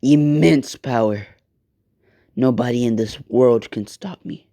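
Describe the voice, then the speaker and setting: A man voicing a vengeful young male hero turned god-like villain, speaking in quiet, cold threats. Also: medium pitch, takes it slowly, creaky. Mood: menacing.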